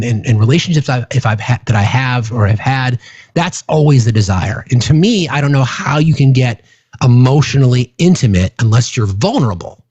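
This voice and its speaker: Passionate, profane man with husky voice. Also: mid-range voice, darkish tone, dry recording. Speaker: livestream host. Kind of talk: casual livestream talk to chat.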